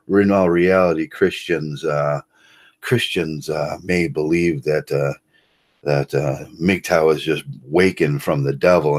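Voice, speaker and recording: A man hosting a casual live stream, talking in a rambling, halting way with many fillers and chuckles. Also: rumbling low. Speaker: host. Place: home.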